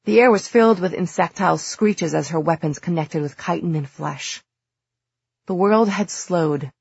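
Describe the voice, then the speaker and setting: Low, gravelly woman narrating an audiobook. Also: normal speed, a little mellow, no room sound, lo-fi sound.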